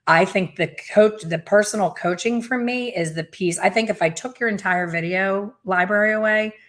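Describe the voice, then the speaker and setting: A middle-aged woman hosting a casual chat over a video call as a hair color teacher, talking in a chatty, animated way with playful, self-mocking asides. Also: mid-range voice, normal speed. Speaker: hair color educator and host.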